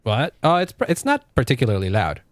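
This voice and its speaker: A man's voice: medium pitch, wildly swooping pitch, a little fast. A male streamer casually commenting on a game as he plays and chatting with his viewers. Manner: chatty, reactive, talks to chat. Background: faint game music.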